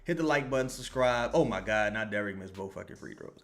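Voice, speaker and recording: A young man with a lowish voice talks fairly quickly while live-streaming commentary on a basketball game. He swears, repeats himself, and greets chat viewers by name, getting excited and yelling at the players before settling down again.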